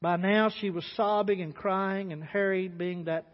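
A man preaching a sermon as a pastor, telling a story in an animated way, acting out voices. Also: high voice, unhurried. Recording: dull sound with long hall reverb.

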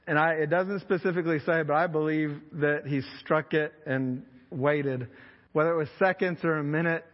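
A male pastor preaching a sermon in a conversational, emphatic storytelling way in a church hall. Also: fairly high pitch. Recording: echoey hall, slightly dull sound.

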